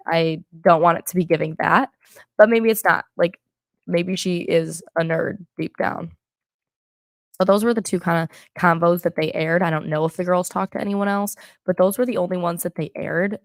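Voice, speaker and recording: A young woman chatting casually as host of a reality show recap, talking fast with lots of fillers. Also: on the low side, vocal fry, dry recording, clean studio sound.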